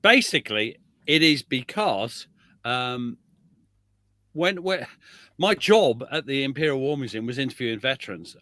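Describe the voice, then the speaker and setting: A man's voice: mid-range voice, pushed and bright, no room sound. A man with a Northern English accent, a guest author chatting on a podcast in a wry, self-deprecating way. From Northern England. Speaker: guest author and oral historian. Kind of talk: casual podcast chat.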